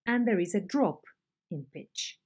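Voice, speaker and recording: Woman, phonetics teacher, slow deliberate delivery, mellow tone. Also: medium pitch, lively intonation, slightly rough. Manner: slow, deliberate explanations with modelled intonation examples. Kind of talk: recorded online lecture.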